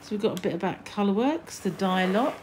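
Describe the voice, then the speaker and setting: A woman's voice: medium pitch, expressive, brisk, a little mellow, slight background noise. An older British woman hosting a crochet channel, chatting casually as she reads magazine snippets aloud and adds musing asides. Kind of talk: casual magazine flick-through chat.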